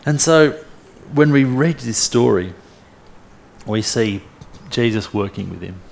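A man preaching a sermon, retelling a story in a lively way with humorous asides. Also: mid-range voice, slow pace, vocal fry.

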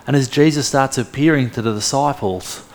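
Gravelly male preacher telling a story. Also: medium pitch, normal speed. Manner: lively storytelling with humorous asides. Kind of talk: sermon.

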